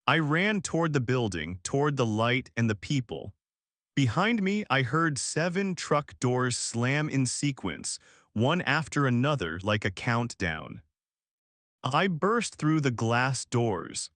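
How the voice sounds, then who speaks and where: A man reading a first-person horror story aloud as scripted narration, with a measured storytelling delivery. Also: medium pitch, big pitch swings, a bit bright, no room sound, studio quality.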